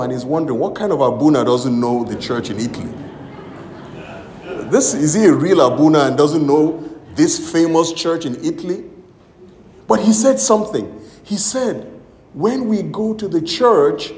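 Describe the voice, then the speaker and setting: A man's voice: sits high, darkish tone, echoey room. A man preaching a sermon as pastor, telling a story with acted-out quotes and emphatic exclamations.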